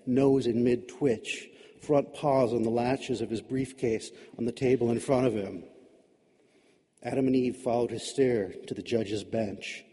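Man, storyteller, sardonic, dramatic, husky voice, reverberant room. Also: mid-range voice, warm tone. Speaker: narrator. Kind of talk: storytelling narration.

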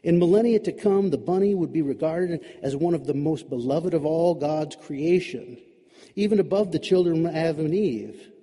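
A man's voice: fairly high pitch, moderate pace, dark tone, slightly rough, in a large hall. A man narrating a story in a wry, dramatic, sardonic manner.

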